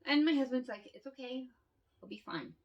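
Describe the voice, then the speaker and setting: Woman, casual storytelling, swears often, high-ish voice, mic a bit distant. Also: moderate pace, lo-fi sound. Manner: candid, swears freely, laughs often. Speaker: vlogger.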